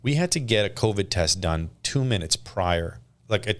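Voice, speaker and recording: A man's voice: fairly low pitch, normal speed. A man in his thirties from Canada, a podcast guest telling stories in casual chat and acting out quotes. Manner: animated storytelling, acts out quotes.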